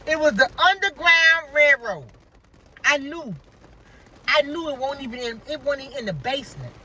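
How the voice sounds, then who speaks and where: A man's voice: very high voice, animated, normal speed, bright, forceful tone, slight background noise, poor audio. A man in his fifties telling a story to viewers in an emphatic, repetitive, casual way. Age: 50s. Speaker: vlogger.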